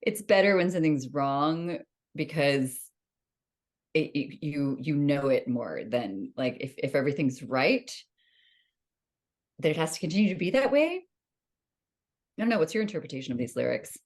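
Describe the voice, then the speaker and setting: A woman's voice: low voice, animated, moderate pace, pauses often, darkish tone. A woman co-hosting a podcast in casual chat, laughing often between remarks. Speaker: podcast co-host.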